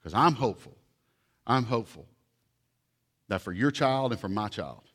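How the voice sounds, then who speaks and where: A man's voice: medium pitch, lively intonation, moderate pace, a bit bright, breathy edge. A young man, a pastor and father, preaching a sermon in an earnest, urgent tone. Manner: earnest, urgent pleading to the congregation.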